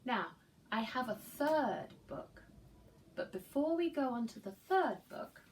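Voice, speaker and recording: Woman, preschool teacher, storybook reading for kids, slow, from a distance with faint hiss. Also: on the high side, big pitch swings. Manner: slow, gentle, with loud animal sounds in the story. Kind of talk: reading a picture book aloud to young children.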